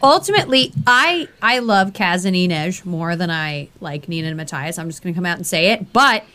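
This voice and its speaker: A woman's voice: fairly low pitch, expressive, a little fast, sharp tone. A woman co-hosting a casual book discussion, speaking with emphasis and enthusiasm. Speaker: podcast co-host.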